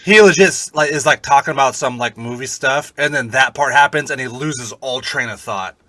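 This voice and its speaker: A man co-hosting a podcast, chatting casually and telling animated, profane stories. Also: medium pitch, brisk, no room sound. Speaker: podcast co-host. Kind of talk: casual chat.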